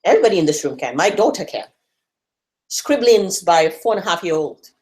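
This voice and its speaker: Woman, from West Africa, motivational talk, lively swinging pitch, rhetorical questions, encouraging. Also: a little fast. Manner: animated and encouraging, fires rhetorical questions at the room. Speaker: speaker at a learning session. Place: church meeting room.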